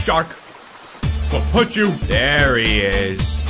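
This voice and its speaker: A man giving excitable gameplay commentary, often yelling and laughing. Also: fairly high pitch, moderate pace, music in the background. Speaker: gaming channel host.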